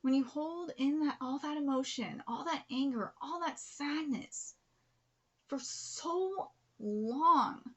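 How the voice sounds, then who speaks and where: A woman in her thirties hosts a live reaction video, speaking in a voice pitched a little above average. She gushes with strong emotion and keeps sinking into breathy, whispered exclamations. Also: slow. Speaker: YouTube manga reaction host.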